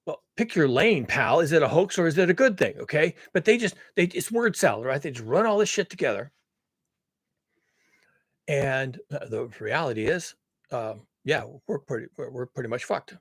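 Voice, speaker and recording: A sardonic man rants to camera in a husky, slightly breathy voice. He is blunt and swears freely, and the dry sound has no room echo. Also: medium pitch, animated, normal speed. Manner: sardonic, blunt and profane, laughs often. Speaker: climate commentary vlogger. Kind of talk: casual monologue to camera.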